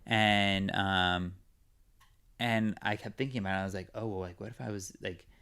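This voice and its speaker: Smooth-voiced young Californian man, chatty. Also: lowish voice, fairly even intonation, moderate pace, sharp tone. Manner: rambling, many fillers, chatty. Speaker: podcast guest, actor. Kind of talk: casual interview chat.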